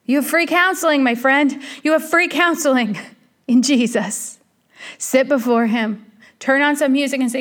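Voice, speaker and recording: A woman delivers a heartfelt sermon in a high, light voice. She speaks earnestly and directly, circling back to repeat her key phrases. She addresses the listener as a friend. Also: moderate pace, fairly bright tone. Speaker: preacher.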